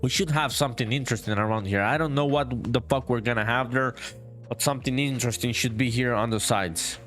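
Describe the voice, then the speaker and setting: Laid-back profane game dev streamer. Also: male voice, mid-range voice, fairly quick, a bit bright, faint music behind. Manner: profane, laid-back, reads chat aloud while working; calls viewers "dude". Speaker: solo indie game developer streaming live. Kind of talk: casual live-stream chat.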